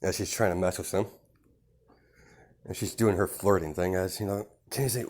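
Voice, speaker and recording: Man, low voice, casual storyteller, rambling, fillers. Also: fairly even intonation, fairly quick, darkish tone. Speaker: fan fiction storyteller. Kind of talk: casual improvised narration.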